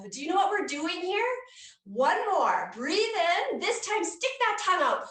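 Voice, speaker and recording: A woman's voice: very high voice, a bit bright. A woman leading a guided children's yoga class, speaking in a playful, coaxing way and making animal sounds. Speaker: kids yoga instructor. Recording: echoey room, mic far off.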